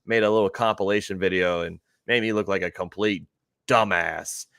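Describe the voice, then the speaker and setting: A man's voice: low-pitched, steady tone, normal speed, creaky, fairly bright tone, clear, resonant tone, no room sound, studio quality. A man co-hosting a casual football talk show, laid-back and chuckling, greeting chat viewers as he talks. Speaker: sports show co-host.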